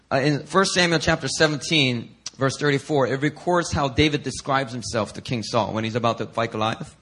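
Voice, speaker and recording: Male pastor, sermon, emphatic and engaging with the congregation, slightly high, lively pitch. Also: slightly rough. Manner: animated, emphatic, calls out to the congregation.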